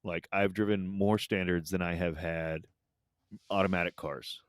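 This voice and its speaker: Low-voiced hesitant man in his forties. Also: fairly even intonation, unhurried, dry recording, studio quality. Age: 40s. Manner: low-key and hesitant, full of fillers. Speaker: podcast co-host. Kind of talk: casual chat.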